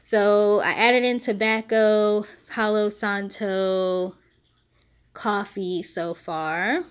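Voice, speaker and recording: A woman at an everyday middle pitch walks through a homemade spiritual recipe, recorded on her phone. She sounds a bit winded yet stays relaxed and chatty, laughing softly now and then as she explains each step. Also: very slow, smooth. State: short of breath. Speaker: spiritual DIY vlogger. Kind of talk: casual how-to voice-over.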